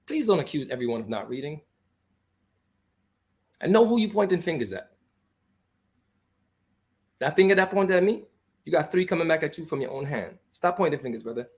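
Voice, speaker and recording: Impassioned man, lively pitch. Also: a little fast, long pauses. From Grenada. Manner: impassioned, emphatic, argumentative. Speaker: radio guest. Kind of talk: radio talk show discussion.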